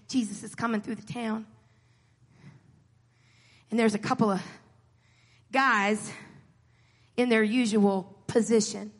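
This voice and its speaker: A woman preacher delivering a sermon in a church hall, moving from quiet storytelling to shouted exhortation. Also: medium pitch, gravelly, breathy edge. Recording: long hall reverb.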